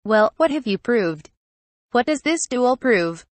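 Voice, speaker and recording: A woman's voice: fairly high pitch, big pitch swings, slow, no room sound. A woman reading the lines of a proud, scornful countess in an audiobook, in a stern, cold and cutting way.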